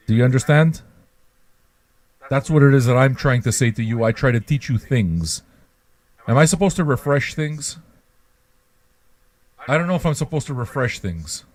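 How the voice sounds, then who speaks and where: A man's voice: mid-range voice, normal speed, long pauses. A man hosting an online radio show with a rambling, mocking, profane ranting monologue.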